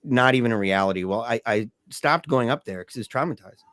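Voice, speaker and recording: A middle-aged man speaks as a podcast guest in casual, halting storytelling, often restarting his sentences and laughing softly. His voice sits at an ordinary pitch. The recording is dry and close. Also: no echo.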